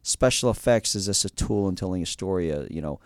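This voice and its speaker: A man's voice: sits low, expressive, fairly quick, no room sound, studio quality. A man hosting an interview, talking casually with lots of fillers and restarts, enthusiastic. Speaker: interview host.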